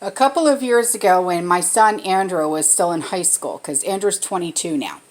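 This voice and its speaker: A woman's voice: lowish voice, animated, moderate pace, darkish tone. A woman in her forties chatting casually in a pantry vlog from her home kitchen, often checking in with the viewer. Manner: chatty, keeps checking in with "okay?". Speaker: vlogger. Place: home kitchen, cooking while talking.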